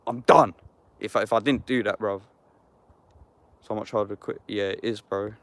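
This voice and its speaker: A man's voice: fairly low pitch, steady tone, moderate pace. Slangy young English man. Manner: slangy and swearing, answering chat. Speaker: livestreamer. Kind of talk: casual livestream chat.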